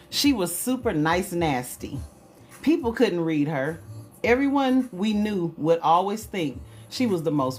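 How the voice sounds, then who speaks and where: A woman, chatting casually on a live stream and reading aloud from her own writing in an animated, chatty way. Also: lowish voice. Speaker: livestream host and author.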